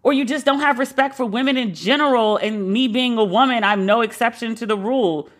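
A woman's voice: a little high, fairly quick. A woman with a New York accent telling a candid personal story, blunt and profane, acting out the quoted dialogue. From Brooklyn, New York.

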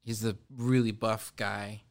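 A man's voice: fairly low pitch, little pitch movement, measured pace. A man co-hosting a podcast, telling stories in casual chat and laughing often. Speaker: podcast co-host.

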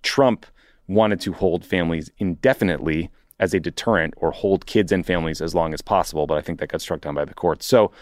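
A man's voice: low-pitched, a little fast, a little mellow, no echo, studio quality. A man co-hosting a political podcast, reading out news items and then commenting on them in a casual way. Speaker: podcast co-host.

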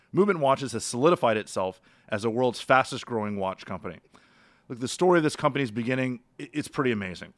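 A man's voice: mid-range voice, fairly bright tone, no echo. A man hosting a podcast interview and reading a sponsor message in a conversational way. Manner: conversational, brief affirmations. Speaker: podcast host. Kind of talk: interview hosting and read advertisement.

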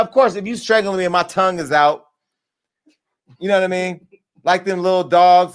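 This is a man's crude, comedic commentary rant; as host he comes across brash and lively, alternating booming outbursts with quiet asides.

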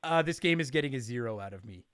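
A man co-hosting a podcast in casual chat, animated and profane as he rants. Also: mid-range voice, fast, clean tone, dry recording, clean studio sound. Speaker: podcast co-host.

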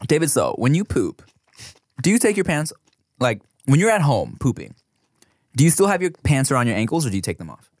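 Thirties guy on a podcast, swings his pitch all over, dead dry mic, cussing and telling stories. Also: brisk, long pauses, dry recording. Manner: animated storyteller, swearing, acts out voices. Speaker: podcast co-host. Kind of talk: casual chat.

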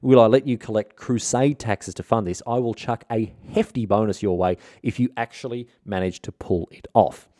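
A man putting on a chummy, slangy pope with an Australian accent who eagerly backs a scheme. The voice is low and mellow, and it sounds close and dry. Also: moderate pace, hardly any pauses, no echo, close to an everyday voice. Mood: chummy keen. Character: matey, cheerfully scheming male pope.

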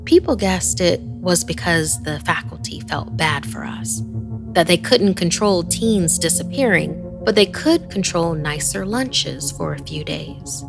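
A woman narrating a first-person horror story in a measured, hushed storytelling manner, sometimes sinking almost to a whisper. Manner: slow, low and gravelly, dropping to hushed whispers.

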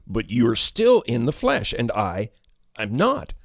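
A man voicing a sad young male ghost who speaks quietly and slowly, with a sigh. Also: medium pitch, wildly swooping pitch, dry recording, clean studio sound, heavily acted. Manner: quiet, slow, sighing.

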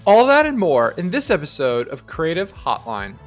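A man's voice: on the high side, wildly swooping pitch, normal speed, faint music behind. A man co-hosting an advice podcast, arguing his opinions emphatically in casual conversation. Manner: opinionated, emphatic, shifts pace often. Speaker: podcast co-host.

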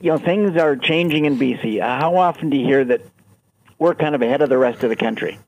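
A man's voice: medium pitch, quick pace, a little mellow, low-quality recording. A man, a family lawyer, guesting on a talk show, speaking hesitantly with many restarts. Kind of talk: casual interview talk.

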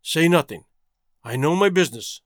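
A man reading aloud who voices a calm, impassive male station clerk with even, unflustered speech. The clerk pleads at first, then speaks with quiet weight. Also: fairly high pitch, moderate pace, no room sound, clean studio sound, close to an everyday voice.

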